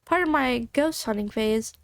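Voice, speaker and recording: A woman's voice: fairly high pitch, normal speed, creaky, fairly bright tone, no room sound, clean studio sound. A woman reading the lines of a cheerful, playful young ghost hunter in a game.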